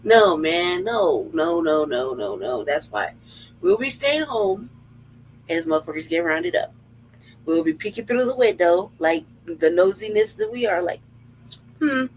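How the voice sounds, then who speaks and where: Brash, profane woman with a lively voice. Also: fairly low pitch, unhurried, a little hiss or hum, low-quality recording. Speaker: livestream co-host. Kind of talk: casual livestream commentary.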